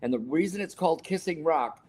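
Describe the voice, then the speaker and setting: A man's voice: fairly high pitch, animated, fairly quick, a little mellow, breathy edge. An older man telling a personal story in a podcast interview, earnest and emotional, now and then correcting himself. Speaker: guest, sports scientist and author.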